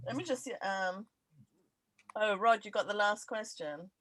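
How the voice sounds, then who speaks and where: A woman hosting an online quiz over a video call, laughing often and reading each question twice, slowly. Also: mid-range voice, a bit bright, rough recording. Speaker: event host running a quiz. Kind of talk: casual online event chat.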